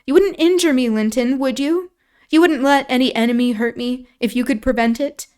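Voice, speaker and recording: A woman's voice: sits high, normal speed, darkish tone, clean tone, voice pushed up, natural voice. A woman voicing a spirited, proud young woman who speaks impatiently and with scorn, in a novel read aloud on a stream. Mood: urgent.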